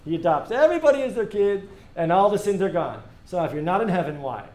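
A man teaching a classroom discussion, animated and joking, often laughing as he talks. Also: high-pitched, quick pace. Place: school classroom.

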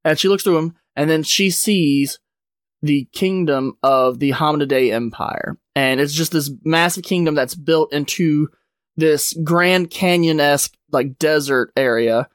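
Guy recapping a comic on his podcast, kinda high voice, dry close sound, lots of "like" and "uh". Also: unhurried, dry recording. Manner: rambling retelling, many "like" and "uh" fillers. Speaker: podcast host. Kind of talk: casual comic book recap.

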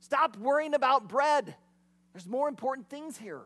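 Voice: mid-range voice, huge pitch swings, fast talker, slightly rough, long reverb tail. A preacher voicing Jesus, patiently correcting his disciples with mild exasperation. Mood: exasperated.

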